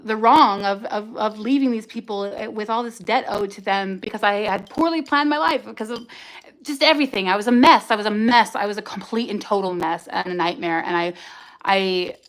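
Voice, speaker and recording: A woman's voice: medium pitch, a little fast, fairly bright tone. A woman hosting a livestream, telling her own story in a candid, rambling and emotional way. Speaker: livestream host.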